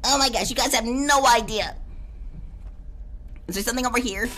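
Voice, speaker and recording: A woman's voice: on the high side, moderate pace, a bit bright. A young woman commentating a horror game as she plays, panicking and repeating words in a rush when scared. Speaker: gamer.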